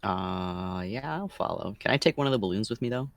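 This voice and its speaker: A woman's voice: a bass voice, expressive, a little fast. A woman player in a tabletop game, laid-back and playful.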